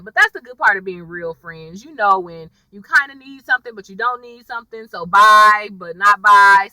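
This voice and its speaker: A woman's voice: mid-range voice, pushed and bright, no room sound, recorded from a distance, rough recording. A woman giving a casual, chatty recap of a TV episode, talking straight to her viewers and calling them y'all. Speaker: TV recap vlogger.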